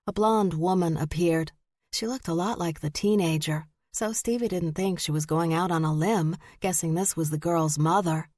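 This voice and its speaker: A woman narrating an audiobook in a measured, deliberate way. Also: fairly low pitch, dry recording, studio quality. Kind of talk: scripted narration.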